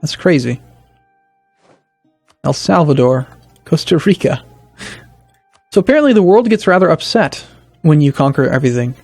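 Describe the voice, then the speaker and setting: A man casually commenting on his strategy game as a let's play host, thinking aloud with hesitant restarts and sudden bursts of excitement. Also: a little high, normal speed, gravelly, long pauses, no room sound, soft background music.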